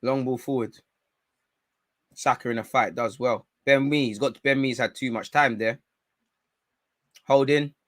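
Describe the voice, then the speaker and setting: A man hosting a live football watchalong, reacting excitedly, shouting at players and the referee and swearing now and then. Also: mid-range voice, measured pace, pauses often, dry recording, studio quality. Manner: talks while eating. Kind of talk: live match reaction commentary.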